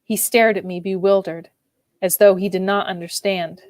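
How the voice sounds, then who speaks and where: A woman's voice: mid-range voice, flat delivery, moderate pace, darkish tone, no room sound. Woman reading a classic novel aloud. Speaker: reader.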